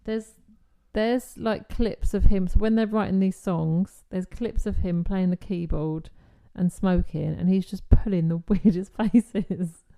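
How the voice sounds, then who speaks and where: Gravelly, mellow woman chatting. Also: mid-range voice, steady tone, unhurried, hardly any pauses. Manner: chatty, lots of "like", laughs often. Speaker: podcast co-host. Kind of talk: casual chat reviewing a film.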